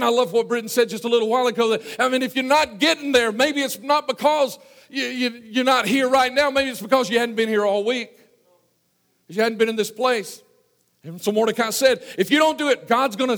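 A man preaching a sermon, retelling a Bible story and dropping low and soft for quoted lines. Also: big-room sound. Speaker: pastor.

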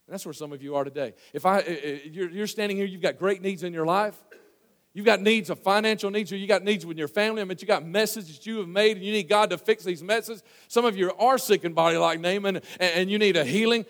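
A male pastor preaching a sermon in a church, folksy and storytelling, with many restarts, swinging from hushed asides to loud emphasis. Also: high voice, fast talker, in a large hall. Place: church sanctuary.

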